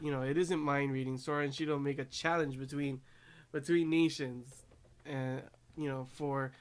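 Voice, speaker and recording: A man's voice: medium pitch, clean tone. A man giving a casual, rambling recap of an anime episode, laughing often along the way. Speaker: anime reviewer.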